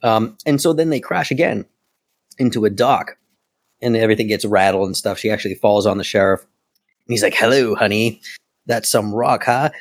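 A man's voice: on the low side, steady tone, brisk, pauses often, no echo. A man co-hosting a podcast, recapping a comic book in a rambling, casual way and laughing now and then. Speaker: podcast co-host.

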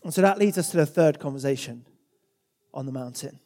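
A man's voice: fairly high pitch, fairly quick, warm tone. A man preaching a sermon in a conversational way, often repeating words as he goes. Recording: long hall reverb.

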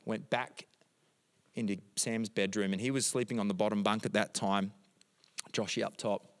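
Pastor preaching in a reverberant hall. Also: male voice, on the low side, level tone, moderate pace. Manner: storytelling, rising to emphatic prayer. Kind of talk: sermon.

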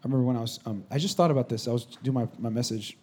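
Husky male pastor preaching. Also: mid-range voice, very fast. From California. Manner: swings from loud exclamation to soft whispered asides. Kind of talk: sermon. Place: church sanctuary.

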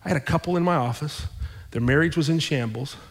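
A male pastor telling a story in his sermon, conversational and animated, repeating his phrases for effect. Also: a little high, fast talker, big-room sound. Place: church sanctuary.

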